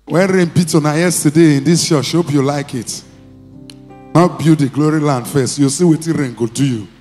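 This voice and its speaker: Faint music sits behind a male pastor with a Nigerian accent as he preaches and guides deliverance prayer at normal speed. His voice is a little high, and he commands, repeats brief phrases, and sometimes shouts.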